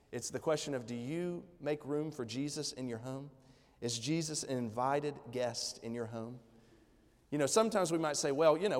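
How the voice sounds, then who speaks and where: A man delivers a sermon in a chatty, storytelling way, full of fillers and asides. His voice sits somewhat high for a man. The sound carries a long reverb from a church sanctuary. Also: a little mellow. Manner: conversational storytelling preaching, many fillers. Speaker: pastor.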